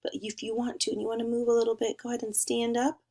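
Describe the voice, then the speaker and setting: A young woman teacher leading a remote spelling lesson for first graders, encouraging and sing-song, stretching words out slowly. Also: fairly high pitch, level tone, dark tone.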